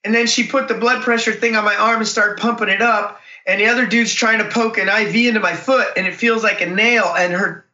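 A man telling a personal story in an animated, intense way. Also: sits high, brisk, few pauses. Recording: roomy, distant, dull recording.

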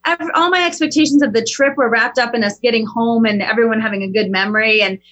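A middle-aged woman telling a personal story as a guest, animated and talking with big leaps in pitch. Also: fast, dull audio. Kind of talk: casual storytelling.

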